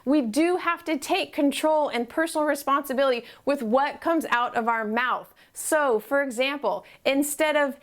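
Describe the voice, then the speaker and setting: High-voiced upbeat woman life coach. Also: normal speed, hardly any pauses. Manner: upbeat, encouraging, asks the viewer questions. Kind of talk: motivational promo talk to camera.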